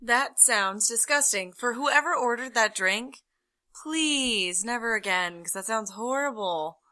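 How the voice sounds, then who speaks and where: A woman co-hosting a casual chat, teasing her partner with quick laughs and dry asides. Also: a little high, expressive, bright, forceful tone. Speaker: podcast co-host, barista.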